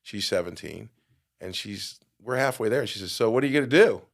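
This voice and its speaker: On a podcast, a middle-aged male guest with a somewhat low, creaky voice briskly tells a personal story. He's an animated storyteller who acts out other people's lines, leaping from quiet asides to loud outbursts.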